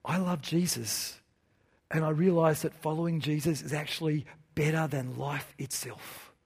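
A man voicing a nervous, quiet young man giving his testimony, in a soft, subdued and earnest tone. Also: a little high, fairly even intonation, moderate pace, slightly rough, long reverb tail.

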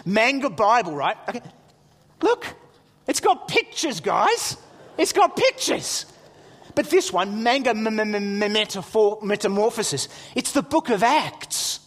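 A middle-aged man, preaching a sermon as an animated storyteller who acts out his son's lines. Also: high voice, measured pace. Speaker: pastor. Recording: long hall reverb.

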